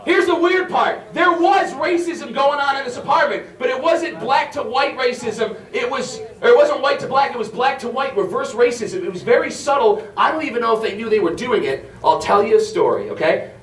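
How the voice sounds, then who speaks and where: A man's voice: very high voice, expressive, brisk, fairly bright tone, reverberant, recorded from a distance. A man doing a stand-up comedy set, telling stories in a brash, profane way. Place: comedy club stage.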